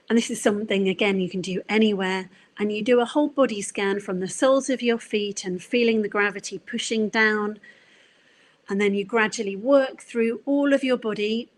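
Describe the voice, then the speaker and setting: A middle-aged woman gives a conference talk on well-being. Her voice sits at a middle pitch, and her delivery is gentle and encouraging, with frequent ums and small restarts. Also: low-quality recording. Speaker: career coach. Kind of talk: conference presentation.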